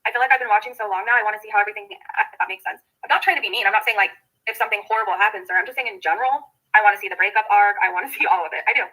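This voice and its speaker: A woman's voice: mid-range voice, very fast, sharp tone. A woman streamer chatting in a rambling, gossipy way while scrolling through comments. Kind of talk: casual livestream chat. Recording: tinny phone-like audio from a played stream.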